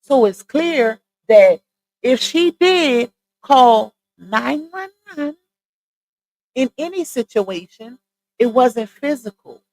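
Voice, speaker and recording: A woman with a Southern Louisiana accent hosting a live stream, chatting casually and straight to her viewers on a boom-arm mic. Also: expressive, slow pace, a little mellow, poor audio. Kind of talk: casual chat. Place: home streaming setup. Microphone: side-mounted boom arm mic.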